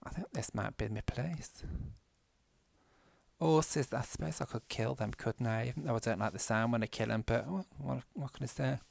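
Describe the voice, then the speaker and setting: A man's voice: mid-range voice, moderate pace, gravelly, darkish tone, no echo. Chatty Mancunian man rambling while gaming. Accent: Mancunian English. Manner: chatty, self-mocking, laughs often, rambling asides. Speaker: gaming vlogger. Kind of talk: casual rambling chat while playing a game. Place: indoors at home.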